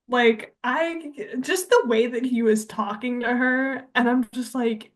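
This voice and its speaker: A woman's voice: a little high, unhurried, few pauses. Chatty young woman retelling a movie. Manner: chatty storyteller, many "like"s, acts out quotes. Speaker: podcast co-host. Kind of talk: casual chat.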